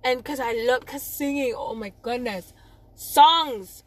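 A woman's voice: sits high, slow, no room sound. Chatty young Jamaican woman, rambling. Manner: rambling, animated, self-correcting, laughs at herself. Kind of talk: casual personal storytelling.

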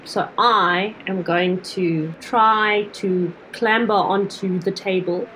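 A woman playing in a tabletop game, talking in an animated, expressive way. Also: medium pitch, slow, slight background noise, low-quality recording. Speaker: player. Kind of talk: casual tabletop role-play.

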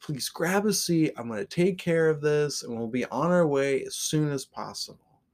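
A man's voice: a little high, animated, moderate pace, a little mellow, pitched above the performer's own voice, lightly acted. A man voicing a stern, by-the-book older male bus driver who speaks curtly and formally without humor. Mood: stern, firm.

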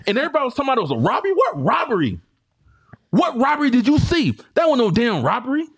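A man in his forties co-hosting a sports podcast, arguing in a heated, loud, emphatic way. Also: extremely high pitch, wildly swooping pitch, racing, breathy edge, no echo, clean studio sound. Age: 40s. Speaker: podcast co-host. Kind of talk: casual sports debate.

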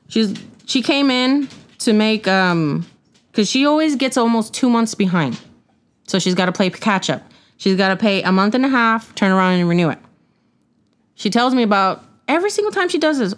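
A woman's voice: mid-range voice, animated, moderate pace, clean tone. A woman hosting a podcast, telling a casual, blunt story about difficult customers and swearing freely along the way. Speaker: podcast host.

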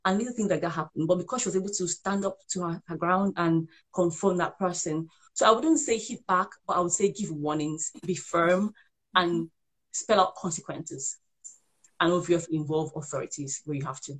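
A woman's voice: on the low side, normal speed, breathy edge. A woman who is a parent and author, giving earnest parenting advice in a conversational way and often repeating herself as she explains. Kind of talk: conversational advice on a live show.

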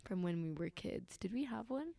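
A young woman hosts a casual podcast chat with an animated, giggly delivery. Her pitch swings up and down a lot as she jokes and reminisces, sitting in the middle of the usual female range. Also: normal speed, vocal fry. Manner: giggly, animated, laughs often. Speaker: podcast host.

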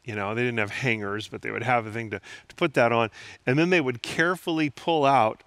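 A man's voice: mid-range voice, fairly quick, a bit bright, no echo. A man preaching a sermon in an earnest, conversational way, asking his listeners rhetorical questions. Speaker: pastor.

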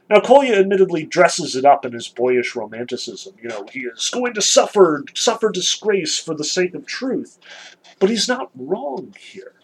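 A man's voice: on the high side, husky, rough recording. A man giving a conversational literature lecture, explaining with frequent "um" and "you know".

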